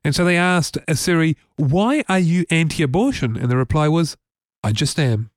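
Chatty New Zealand man, slightly high voice. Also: lively intonation, normal speed, no room sound, clean studio sound. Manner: chatty, rambling, many fillers. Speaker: podcast co-host. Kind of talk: casual tech podcast chat.

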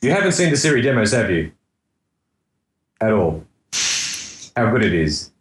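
A man's voice: on the low side, big pitch swings, moderate pace, slight background noise. Insistent man in a roomy echo. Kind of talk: casual tech podcast chat.

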